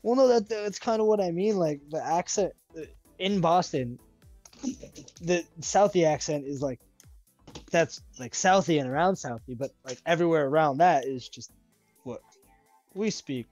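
A streamer from Massachusetts with a Worcester accent, rambling in casual gaming chat with lots of filler words. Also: male voice, fairly high pitch, moderate pace, a little mellow, no room sound. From Massachusetts, USA. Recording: dull lo-fi mic with game music.

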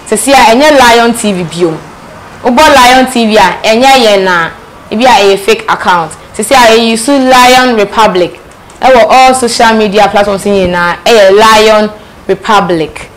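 A woman's voice: medium pitch, rough recording. A woman with a Ghanaian accent hosting a casual talk show, teasing her guest and repeating her questions. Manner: teasing, switches between Twi and English, repeats questions. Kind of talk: casual chat show interview.

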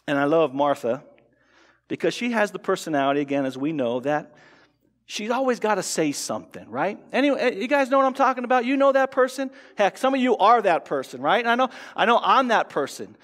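This pastor's voice sits high and swings widely in pitch, sounding a bit bright and fairly quick. He delivers his sermon conversationally, restarting often and performing quotes, while the church sanctuary adds a long hall reverb.

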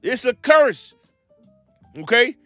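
A man preaching an impromptu scripture lesson, reading verses slowly and mixing in street slang and blunt asides. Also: extremely high pitch, big pitch swings, bright, forceful tone, no echo, faint music behind. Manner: preaching, reads scripture slowly and drawls key words; street slang, repeats himself, laughs at his own jabs.

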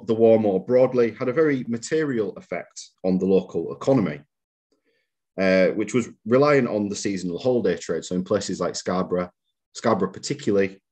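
Male museum lecturer, somewhat low and husky, measured lecture delivery. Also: darkish tone. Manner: measured, reads out quotations, occasional fillers. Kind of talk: public history lecture. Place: lecture room.

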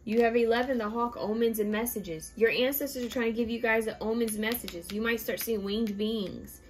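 A woman's voice: on the high side, moderate pace, slight background noise, poor audio. A woman giving a casual tarot card reading, speaking earnestly and chattily to her viewers as "you guys". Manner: earnest, spiritual advice-giving.

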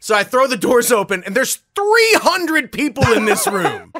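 A man, a guest voice actor, telling a story in a casual interview, animated and swearing freely. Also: very high voice, normal speed.

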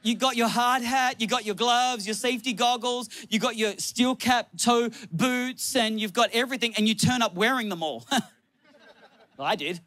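A man preaching a sermon on a church stage, animated and laughing often, acting out little quotes from people. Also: very high-pitched, moderate pace, dry recording. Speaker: pastor.

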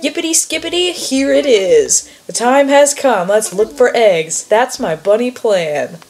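A woman's voice: on the high side, lively intonation, measured pace, darkish tone, pitched above the performer's own voice. A woman reading aloud the lines of a chirpy male bunny in a costume, in a sing-song rhyming patter. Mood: cheery. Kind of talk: reading game dialogue aloud.

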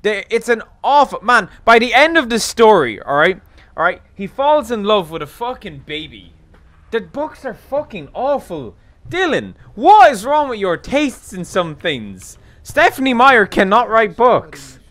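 A man riffs through a game playthrough in a rambling, sarcastic rant. His voice sits high and swings widely in pitch, with a bright edge. The sound is dry and close. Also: sing-song, unhurried, no echo. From Ireland. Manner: rambling, sarcastic, jokey ranting. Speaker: gaming streamer. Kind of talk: casual let's play commentary.

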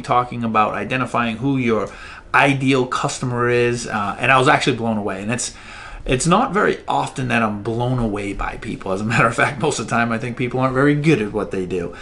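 A man's voice: medium pitch, fairly bright tone. A man hosting a podcast in a casual interview style, friendly and joking, plain-spoken, over a video call. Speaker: podcast host.

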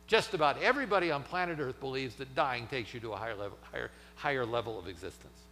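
A man preaching a sermon in a church, dramatic, swinging from loud emphasis to near-whispers. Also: mid-range voice, animated, fast, long reverb tail, slight background noise. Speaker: pastor. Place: church sanctuary.

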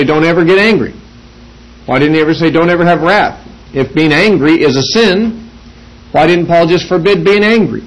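A man giving a verse-by-verse Bible teaching, reasoning through each point deliberately with small restarts. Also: a little high, husky, dull audio.

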